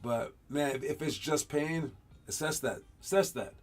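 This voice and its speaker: A man hosting a basketball show, talking casually over game clips and coaching young players in an animated, rambling way with frequent laughs. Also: fairly high pitch, a little slow, faint music behind.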